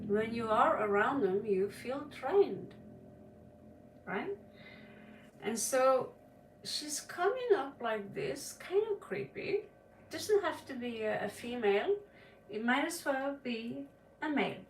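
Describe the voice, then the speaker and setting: A woman with a Norwegian accent giving a tarot reading on a livestream, talking dramatically with sudden loud stresses. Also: a little high, expressive, slow, long pauses, distant mic, slight background noise. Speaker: tarot reader. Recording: echoey room, voice a bit off-mic.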